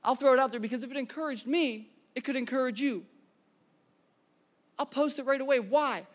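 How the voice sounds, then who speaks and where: A pastor in his thirties preaching a sermon to a congregation, energetic and conversational, asking the room questions. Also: extremely high pitch, fairly quick. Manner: energetic, conversational, many restarts and audience questions. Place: church hall before a congregation.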